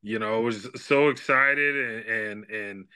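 Guest, man in his fifties, sharp and bright tone, chatty animated storyteller. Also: on the low side, takes it slowly, smooth. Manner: animated storyteller, acts out quoted dialogue. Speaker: guest, baseball scout and former player. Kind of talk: casual storytelling interview.

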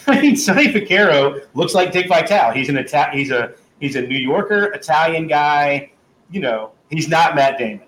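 A man's voice: fairly high pitch, lively intonation, moderate pace, fairly bright tone. A man from North Carolina co-hosting a podcast, chatting casually and emphatically, often repeating himself. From American South, North Carolina. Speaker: podcast co-host. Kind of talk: casual chat. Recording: roomy with faint ambience.

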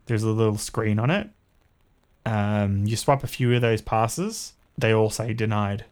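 A man narrating a tabletop game as game master, describing scenes calmly. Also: on the low side, unhurried, clear, resonant tone.

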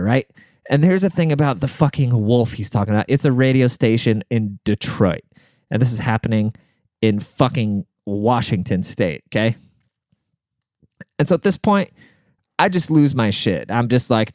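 Dude ranting a story to his audience, swears a lot, clean smooth voice, dry sound. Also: medium pitch, normal speed, no room sound. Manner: profane, animated, exasperated. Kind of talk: casual storytelling monologue.

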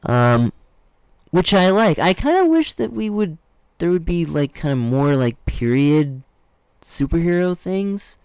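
A young man co-hosts a podcast in easygoing, rambling chat, often drifting into fillers. His pitch swings up and down animatedly. The sound is close and dry, with no room around it. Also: a little slow, clear, resonant tone, dry recording. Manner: rambling, relaxed, trails off into fillers. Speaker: podcast co-host. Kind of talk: casual chat.

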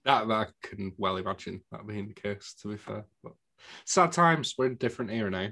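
Low-voiced English man, casual film podcast co-host, dry wit. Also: fairly quick, gravelly, pushed and bright. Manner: dry, joking, British slang. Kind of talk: casual film review chat.

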